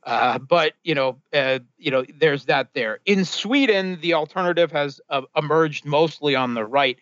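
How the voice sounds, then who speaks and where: A man, a guest analyst on a talk show, giving political commentary in a measured way, with many fillers and restarts. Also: fairly high pitch, a bit bright, dry recording, highs cut off.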